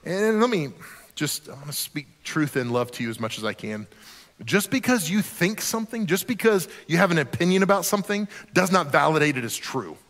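A man's voice: a little high, sing-song, brisk, a bit bright, long reverb tail. A man pastor preaching a sermon in a conversational, earnest way, often repeating a word as he starts a sentence.

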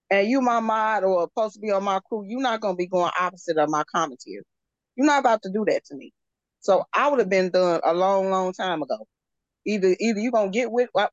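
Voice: mid-range voice, no echo, lo-fi sound. A guest speaker in a casual commentary chat, talking in a firm, blunt, profane way.

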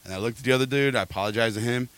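Fast-talking man telling a story. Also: mid-range voice, smooth. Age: middle-aged. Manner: animated, quotes people in quick back-and-forth. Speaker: podcast host. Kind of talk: casual storytelling chat.

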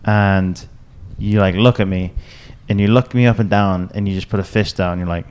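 A man in his thirties, hosting a casual podcast chat in a fairly low voice. He tells a story in an animated way, acts out the lines of others and swears freely. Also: normal speed, clear, resonant tone. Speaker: podcast host.

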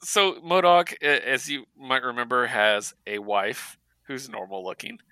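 A man co-hosting a podcast, recapping comic books in casual chat as an animated storyteller who laughs often. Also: medium pitch, measured pace, clean tone, dry recording. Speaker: podcast co-host.

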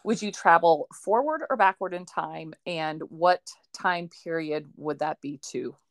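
A woman's voice: lowish voice, a little slow, no room sound. A woman hosting a podcast, asking a friend questions in casual chat and laughing often. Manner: giggly, animated interviewer. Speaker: podcast host.

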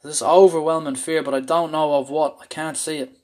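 A man's voice: on the high side, fairly even intonation, a little fast, a little mellow. A man from Ireland telling a candid, intense story about a panic attack. He speaks openly and swears freely. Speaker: speaker sharing a personal story. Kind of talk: personal storytelling talk.

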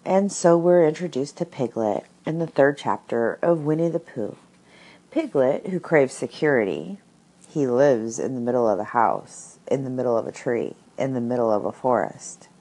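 A woman reading a classic children's story aloud and commenting on it, in an expressive, measured manner. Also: rumbling low, poor audio.

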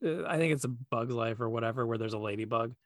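A man co-hosting a podcast, talking in a relaxed, easygoing way and thinking aloud with plenty of filler words. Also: mid-range voice, quick pace, no room sound, clean studio sound. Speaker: podcast co-host, voice actor. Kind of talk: casual podcast chat.

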